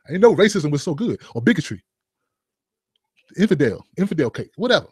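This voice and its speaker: A man's voice: on the high side, very animated, a little fast, long pauses, darkish tone, slightly rough, no echo. A man hosting a commentary show, joking and firing rhetorical questions and asides at his viewers. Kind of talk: opinion commentary vlog.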